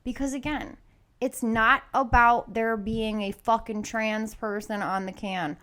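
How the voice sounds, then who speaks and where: A woman's voice: a little high, fairly even intonation, measured pace, bright, forceful tone. A woman hosting a podcast, ranting angrily and sarcastically with constant swearing. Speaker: podcast host. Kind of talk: profane opinion rant.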